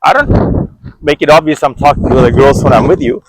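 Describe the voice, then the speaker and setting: A man's voice: mid-range voice, brisk, slight background noise, low-quality recording. A man talking candidly to his viewers about his own life, conversational, often stopping to ask "right?". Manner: conversational, repeats words, asks the viewer "right?". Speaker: vlogger. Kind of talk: candid personal storytelling to camera.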